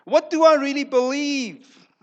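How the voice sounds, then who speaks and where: A man's voice: extremely high pitch, a little slow, darkish tone, highs cut off. A male pastor preaching a sermon in a church, emphatic, repeating words for effect and acting out quoted lines.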